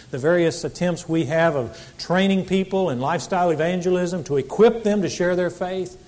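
A pastor delivering a Sunday sermon to his congregation. He is a man with a fairly high voice who builds emphatic peaks on key phrases, then drops to a quieter, earnest tone. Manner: emphatic preaching with rising and falling intensity. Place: church service.

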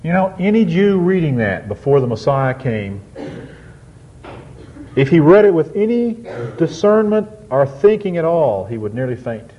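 Male preacher, slightly high voice, unhurried, emphatic verse reading, dull lo-fi sound. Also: sing-song, slight background noise. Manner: slow, drawn-out scripture reading with emphatic swings. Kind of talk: sermon on a psalm.

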